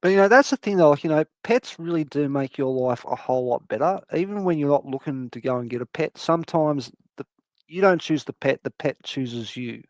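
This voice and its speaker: Animated, swearing man telling a story. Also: fairly high pitch, a little fast, no room sound. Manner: animated, swears a lot, acts out his cat's voice. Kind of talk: casual storytelling.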